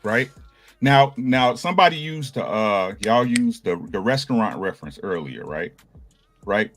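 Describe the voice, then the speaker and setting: A man's voice: on the low side, lively intonation, measured pace, fairly bright tone, faint music behind. A man on a podcast panel, explaining a point in a casual debate and checking in with "right?" again and again. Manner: explanatory, keeps asking "right?".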